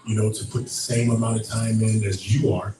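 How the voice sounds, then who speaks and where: A man's voice: on the low side, level tone, a little fast, recorded from a distance, background noise. Laid-back male podcast host, echoey room. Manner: laid-back, many fillers like "you know". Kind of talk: casual chat.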